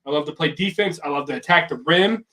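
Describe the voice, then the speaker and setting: A man co-hosting a casual sports podcast, playful and quick to laugh. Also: fairly high pitch, bright, forceful tone, distant mic. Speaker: podcast co-host. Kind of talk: casual chat.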